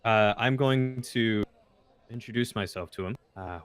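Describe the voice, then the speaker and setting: A man's voice: lowish voice, unhurried. A man player chatting casually at a tabletop game with dry humor.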